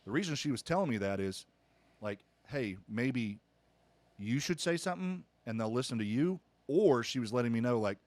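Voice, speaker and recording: A man's voice: mid-range voice, lively intonation, normal speed, a little mellow, no echo. A middle-aged man, a pastor hosting a podcast, telling a family story earnestly with frequent restarts. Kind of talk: casual podcast conversation.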